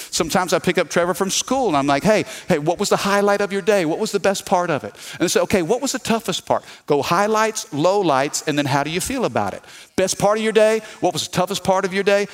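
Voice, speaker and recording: A man, lively and calling for amens. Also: high voice. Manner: lively preaching with call-and-response. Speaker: pastor. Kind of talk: sermon.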